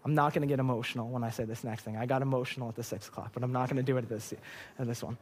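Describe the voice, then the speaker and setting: A man's voice: medium pitch, fairly even intonation, rapid-fire, slight background noise. A young man preaching a sermon from a church stage, earnest and emotional, often repeating words as he is moved.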